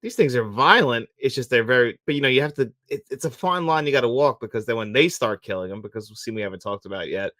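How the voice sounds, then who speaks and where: A man's voice: mid-range voice, fast talker, hardly any pauses, a bit bright, no echo, clean studio sound. A man co-hosting a film podcast, talking casually and laughing often. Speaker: podcast co-host.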